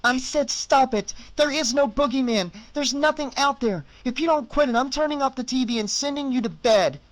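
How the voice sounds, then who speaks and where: A man's voice: very high voice, moderate pace, pitched above the performer's own voice. A man voicing a young woman babysitter who firmly scolds the children, in an audiobook reading. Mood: stern. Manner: firm, scolding.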